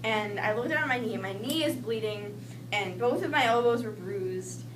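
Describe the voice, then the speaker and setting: A woman's voice: a little high, moderate pace. Young woman telling a childhood story. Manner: animated, acts out quoted voices. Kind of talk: personal storytelling. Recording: echoey room with noise, mic at a distance.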